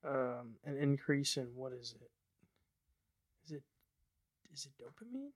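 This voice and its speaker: A man's voice: mid-range voice, big pitch swings, a little slow, no room sound, studio quality. A young man co-hosting a podcast, laid-back and agreeable in casual chat. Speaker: podcast co-host.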